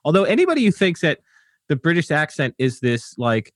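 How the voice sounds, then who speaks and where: An American man hosting a podcast, chatty and joking, quick to laugh. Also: on the high side, huge pitch swings, no room sound, clean studio sound. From United States. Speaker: podcast host. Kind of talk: casual podcast chat.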